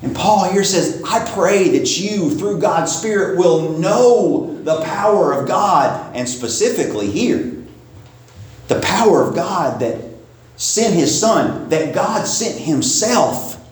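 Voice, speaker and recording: A man in his forties preaching a sermon, emphatic, swinging between loud stresses and quiet asides. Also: high-pitched, lively intonation, takes it slowly. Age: 40s. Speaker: pastor. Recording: echoey hall, mic at a distance, faint ambience.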